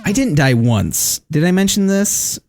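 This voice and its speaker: An excitable man streams a game live, talking to his chat and swearing freely. His pitch leaps all over the place in a lively, bouncy delivery. Game music plays clearly behind him. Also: measured pace. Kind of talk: live gameplay commentary.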